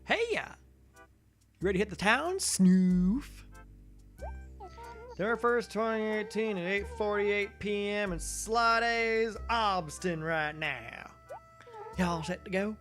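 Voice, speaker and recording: A woman's voice: on the low side, very animated, extremely slow, few pauses, a little mellow, soft background music, heavily acted. A woman voicing a cheerful animal villager with a put-on accent and a bouncy manner. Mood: perky.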